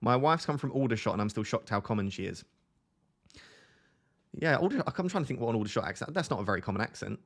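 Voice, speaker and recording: A man's voice: mid-range voice, lively intonation, fast, pauses often, fairly bright tone. A young man with a light Essex accent, answering viewer chat in a chatty, self-mocking way on a live stream. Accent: light Essex English. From Essex, England.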